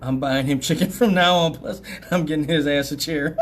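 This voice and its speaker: A middle-aged radio talk show host tells a comic story packed with swearing and frequent laughter, staying animated throughout. His voice is on the high side at a moderate pace, with a little hiss or hum.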